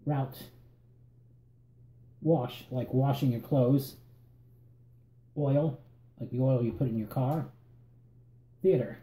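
Deep-toned Northern Virginia man, echoey room. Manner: relaxed, halting, repeats words. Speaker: vlogger. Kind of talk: reading an accent tag word list.

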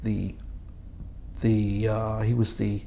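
A man's voice: lowish voice, monotone, slow pace, gravelly, a little mellow, slight background noise. A man in his sixties from Boston, an Army veteran recalling his service in an oral history interview, rambling and chuckling with many fillers and restarts. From Boston, United States.

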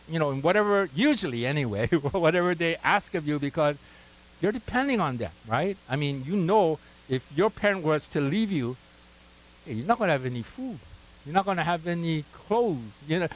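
A man's voice: on the high side, lively intonation, fairly quick, poor audio. A pastor preaching a sermon, conversational and full of "right?" asides, prompting his congregation to call out words.

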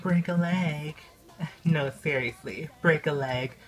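A mean teenage rival girl , as a woman puts her on, taunting and sarcastic. Her voice sits low for a woman. The delivery is close to an everyday speaking voice. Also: slow.

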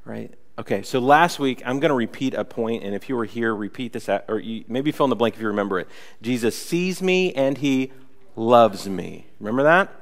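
A male pastor preaches a sermon at a middle pitch for a man. He talks in an animated way, acts out the scripture scenes and keeps checking in with his listeners. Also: fast talker, hardly any pauses. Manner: animated, acts out the story, asks the congregation.

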